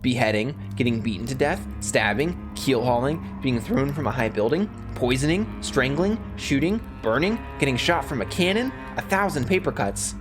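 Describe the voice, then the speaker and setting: Man doing a menacing vengeful young woman, cold and gleeful, lively delivery, game music behind. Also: mid-range voice, moderate pace, hardly any pauses, lightly acted.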